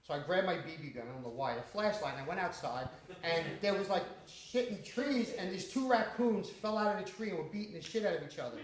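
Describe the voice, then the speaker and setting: Fast-talking and animated, this Bronx-born indie filmmaker has a high-sitting voice and fields questions after his film's screening in a small cinema. He laughs a lot, swears, and spins stories while crowd noise echoes around the room.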